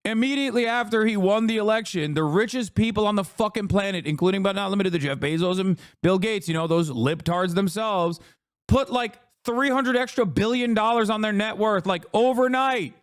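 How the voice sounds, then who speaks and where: A man's voice: high voice, brisk, smooth, no echo, studio quality. A man streaming a heated political rant, profane, combative and mocking, in his thirties.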